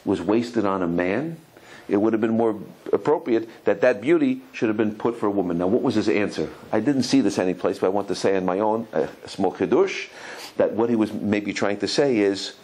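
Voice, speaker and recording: A man, a rabbi, giving a Torah lecture, telling stories animatedly, often repeating and restarting words, and acting out quotes with sudden high cries. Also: a little fast, low-quality recording. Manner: animated storytelling, acts out quotes with high exclamations.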